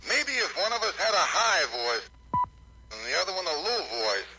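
A man's voice: high-pitched, big pitch swings, moderate pace, background noise. An actor playing an eager radio writer who coaches his partner through the voices. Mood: brainstorming. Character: eager male radio writer, inventing characters. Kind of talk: period film acting.

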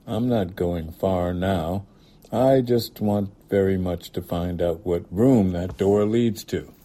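A man reading aloud voices a sharp-tongued old woman, an aunt who scolds and frets even after death. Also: deep voice. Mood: tart, scolding. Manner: scolding, brisk.

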